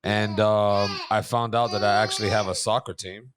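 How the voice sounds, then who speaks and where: A man co-hosting a podcast, telling relaxed, joking anecdotes in casual chat. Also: on the low side, moderate pace, background noise. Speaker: podcast co-host.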